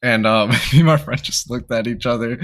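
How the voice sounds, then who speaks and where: A young man telling a story time, rambling and chuckling as he goes. He often restarts his sentences, and his voice sits at an ordinary middle pitch. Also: fairly quick. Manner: rambling, laughing, many restarts. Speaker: vlogger.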